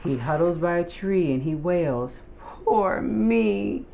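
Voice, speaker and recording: An adult reading a children's picture book aloud with a slow, deliberate storytelling delivery. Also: medium pitch, dark tone, highs cut off. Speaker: storybook reader.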